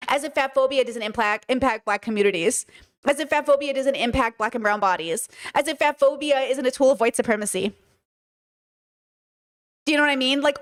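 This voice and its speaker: A woman hosting a livestream, reading chat comments and responding in an emphatic, animated way, full of fillers like "you know what I mean". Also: sits high. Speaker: podcast host.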